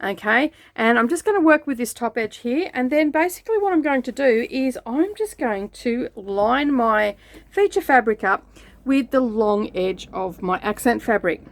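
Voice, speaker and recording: A woman hosting a sewing channel, giving relaxed, chatty step-by-step instructions. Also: on the high side, normal speed. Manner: relaxed, chatty instructions with frequent "okay" and "all right". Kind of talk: step-by-step craft tutorial.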